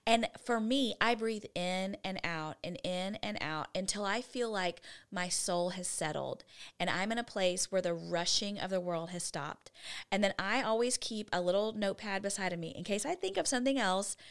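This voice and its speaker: A woman's voice: medium pitch, animated, moderate pace. Woman on a faith podcast, earnest, walks you through bible study step by step. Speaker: podcast co-host. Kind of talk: casual faith podcast chat.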